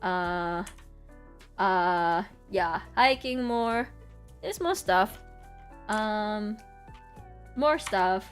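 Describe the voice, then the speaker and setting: A woman's voice: a little high, lively intonation, slow, pauses often, clean tone, soft background music. A woman streamer chatting casually over trip photos, giggly and full of fillers. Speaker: vtuber streamer.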